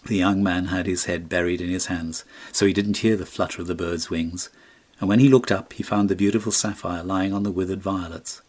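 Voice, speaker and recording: In a low, husky voice, a male audiobook narrator reads a classic fairy tale from a script, keeping his storybook narration measured and expressive.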